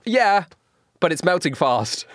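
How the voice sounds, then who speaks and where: A man's voice: high-pitched, big pitch swings, slow, a bit bright, dry recording. Man, game master, casual rambling narration, frequent laughs, dry close mic.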